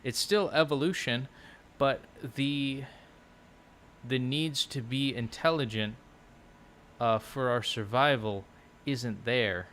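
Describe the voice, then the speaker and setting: A man's voice: mid-range voice, slow pace, fairly bright tone, a little hiss or hum. Rambling man musing on a couch. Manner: musing, loose, full of "like" and restarts. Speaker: language-learning vlogger. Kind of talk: casual rambling chat. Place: at home on a low couch. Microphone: laptop microphone.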